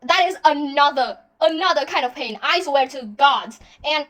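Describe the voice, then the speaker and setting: A woman's voice: fairly high pitch, lively intonation, a little fast, hardly any pauses, a bit bright. A young woman in a small room at home, gushing and swearing as she breaks down song lyrics, sometimes bursting into screams. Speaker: podcast host.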